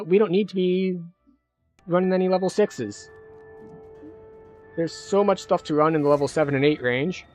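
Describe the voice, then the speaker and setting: A man live-streaming a game, chatting casually and thinking out loud as he plays. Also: on the high side. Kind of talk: live-stream gameplay commentary.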